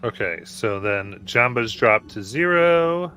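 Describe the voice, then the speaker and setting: A man's voice: mid-range voice, expressive, takes it slowly, sharp tone, faint music behind. A man acting as game master, calling for saves and narrating turns in a tabletop game.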